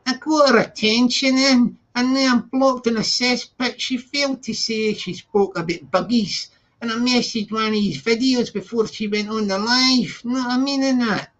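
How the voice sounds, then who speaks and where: A man's voice: sits high, expressive, unhurried, hardly any pauses, darkish tone, lo-fi sound. A man putting on the voice of a Glaswegian woman, reading out a rambling, aggrieved message from a live chat. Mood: grumbling.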